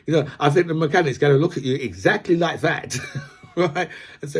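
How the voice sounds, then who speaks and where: Husky man ranting. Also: a little high, normal speed. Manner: rambling, peppers talk with "right?" and "you know"; builds points through analogies. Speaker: host. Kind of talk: casual commentary vlog.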